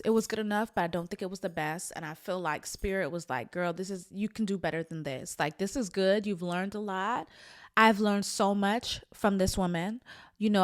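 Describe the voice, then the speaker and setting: A woman's voice: medium pitch, dry recording, studio quality. Reflective woman hosting a personal podcast. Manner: emotional, reflective, many "like" fillers. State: tearful at times. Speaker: podcast host. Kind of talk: candid personal talk to camera.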